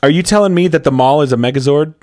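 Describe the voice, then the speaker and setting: A man's voice: a little high, fast talker, darkish tone. A man co-hosting a comedy film podcast in casual chat, playful and riffing. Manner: playful, riffs and repeats phrases. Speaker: podcast co-host.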